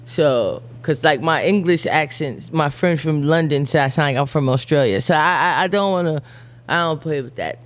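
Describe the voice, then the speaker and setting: A woman's voice: sits low, moderate pace. A woman rapper being interviewed, talking bluntly and jokingly in casual slang.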